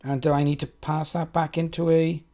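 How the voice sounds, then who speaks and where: A man's voice: fairly high pitch, little pitch movement, normal speed, warm tone. A man with a Welsh accent thinks aloud as he codes on a live stream, chatting with viewers and poking fun at himself. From Wales. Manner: chatty, self-mocking, talks to chat.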